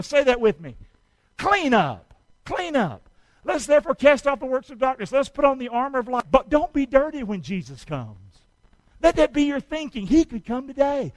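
A man preaching a sermon, calling on the congregation to repeat after him and swinging between shouts and quiet asides. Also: very high voice, big pitch swings, brisk, no room sound, low-quality recording. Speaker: pastor.

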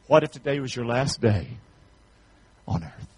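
A pastor, preaching a sermon in call-and-response, building up to rapid repeated shouted questions. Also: male voice, mid-range voice, expressive, slightly rough.

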